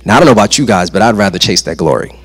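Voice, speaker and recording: A male preacher delivers a sermon from the stage with an emphatic, rhythmic style, repeating phrases for effect. His voice is lively in pitch and slightly husky. The sound carries the long reverb of a large church sanctuary. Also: very fast.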